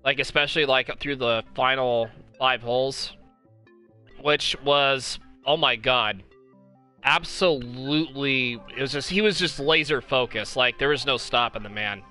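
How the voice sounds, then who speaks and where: Young man, podcast host, bright forceful voice, rambling and excited, faint music underneath. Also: medium pitch, measured pace. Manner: rambling, enthusiastic, many fillers and restarts. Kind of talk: casual live-stream podcast talk.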